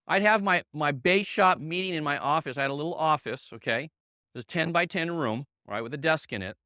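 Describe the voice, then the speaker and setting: A middle-aged man with a bright, forceful voice pitched a little higher than most men's briskly leads a motivational sales training in a meeting room with a live audience. He hammers points by repeating them, checks in with "okay?" and "right?", and addresses colleagues by name. The recording is close and dry, with no room sound.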